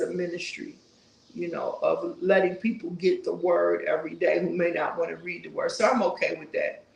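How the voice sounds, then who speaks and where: A woman's voice: fairly low pitch, gravelly, reverberant, rough recording. A woman in her sixties hosting a casual live stream, chatting with viewers and reading their comments aloud, with churchy asides. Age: 60s. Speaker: YouTube host reading live chat.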